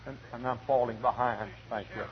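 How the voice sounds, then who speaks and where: A man in his forties preaching a sermon dramatically, swinging between loud bursts and hushed words. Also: medium pitch, fairly even intonation, brisk, slight background noise. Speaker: pastor. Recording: muffled archival radio recording.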